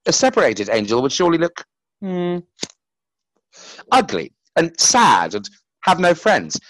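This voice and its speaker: A man's voice: on the high side, wildly swooping pitch, measured pace, pitched above the performer's own voice, full character voice. Lucifer, read by a man, boastful fallen angel. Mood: proud, defiant. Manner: proud and boastful, turning hushed and secretive. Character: vain, defiant, lonely male angel.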